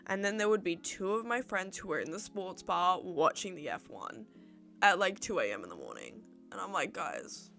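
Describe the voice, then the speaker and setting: A woman's voice: lowish voice, very animated, moderate pace, creaky, bright, forceful tone, faint music behind. A young Australian woman chatting casually on a livestream, answering viewer questions in a rambling way and acting out little exchanges with her friends.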